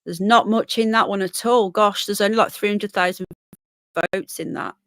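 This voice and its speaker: A woman's voice: medium pitch, steady tone, moderate pace, fairly bright tone, dry recording. Woman, British accent, live-stream host, chatty, rambling, dry close sound. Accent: British English. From Britain. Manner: chatty, rambling, reads results aloud with many fillers. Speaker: livestream host. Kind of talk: casual live-stream chat.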